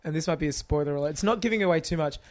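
A man's voice: fairly high pitch, very fast. A man co-hosting a podcast in casual chat, joking and laughing often. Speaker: podcast co-host.

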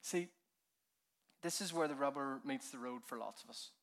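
A man preaching a keynote sermon, telling the story with animated energy, laughing often, sometimes dropping to a hush and then building up with fervor. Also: medium pitch, moderate pace, creaky. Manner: laughs often while speaking. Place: conference hall.

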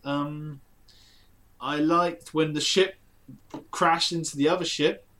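A man's voice: fairly high pitch, steady tone, slow, fairly bright tone. Sarcastic critical man. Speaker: film chat co-host. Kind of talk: casual chat.

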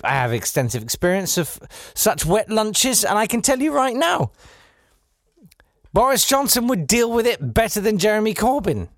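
A man hosting a comedy podcast, delivering a sardonic satirical monologue, swinging between loud bursts and quiet asides. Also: high voice, dry recording, studio quality.

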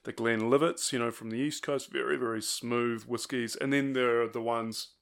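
A man's voice: medium pitch, fairly even intonation, normal speed, vocal fry, fairly bright tone. A man co-hosting a podcast, talking in an easygoing, teasing way with lots of restarts. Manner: easygoing, ribbing, hesitant restarts. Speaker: podcast co-host. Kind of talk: casual chat.

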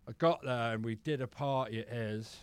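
A man with a smooth mid-range voice talks at a normal speed as a podcast guest, telling his own stories candidly and casually. He rambles loosely, swears freely, and calls everyone "mate".

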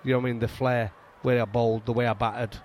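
A man's voice: mid-range voice, fast, slight background noise. A middle-aged man with a Yorkshire accent, telling stories in a casual chat as a guest. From England. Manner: animated storytelling, frequent restarts. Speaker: guest, former fast bowler.

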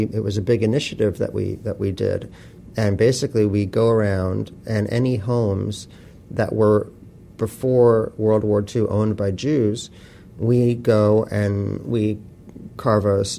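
Guy with a dark low voice, author on an interview, swears a lot, dry wry stories. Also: gravelly, slight background noise. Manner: blunt, profane, wry storytelling. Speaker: author guest. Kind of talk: casual interview talk.

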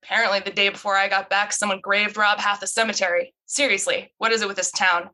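A woman's voice: mid-range voice, level tone, fast talker, bright, forceful tone, natural voice, low-quality recording. A woman reading as a sardonic male detective. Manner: sardonic, needling. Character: wry, sarcastic male police detective.

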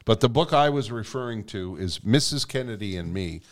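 A man's voice: lowish voice, lively intonation, normal speed. A middle-aged man co-hosting a podcast, chatting casually and rambling with lots of fillers. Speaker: podcast co-host. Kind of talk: casual chat.

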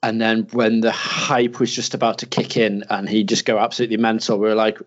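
A British man in casual chat, telling an animated story and mimicking people in a higher voice. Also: fairly quick. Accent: British English. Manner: animated, acts out quotes in a higher voice. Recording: slightly dull lo-fi sound.

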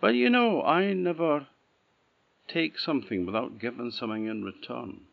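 A man's voice: medium pitch, normal speed, vocal fry, pitched above the performer's own voice, natural voice. A man with an Orcadian Scottish accent voicing a poor, wise old woman who speaks in earnest, cryptic sayings. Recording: dull lo-fi recording.

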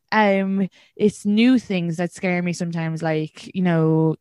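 An Irish woman in her twenties or so, talking frankly on a podcast with plenty of "like" and "you know" and the odd curse. Her voice sits a little low, recorded close and dry with no room sound. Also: no room sound. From Ireland. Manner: candid, swears freely, lots of fillers. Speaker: podcast host. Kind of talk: casual chat.

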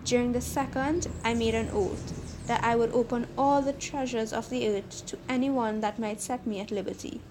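A woman's voice: on the high side, fairly even intonation, normal speed, noisy background, lightly acted. A woman voicing a fierce, vengeful male genie who speaks in stern, archaic formal language in a storybook reading.

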